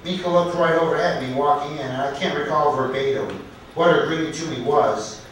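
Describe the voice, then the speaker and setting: Halting man telling a story on stage. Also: medium pitch, slight background noise. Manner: halting, deliberate, self-correcting delivery. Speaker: open mic comedian. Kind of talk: storytelling stand-up set. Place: comedy club at an open mic night. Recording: echoey club recorded from far off.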